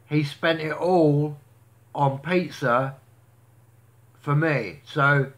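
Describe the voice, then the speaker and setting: Slow, halting man with fillers. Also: on the high side, fairly bright tone. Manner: halting, full of fillers, eating while talking. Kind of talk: rambling casual monologue.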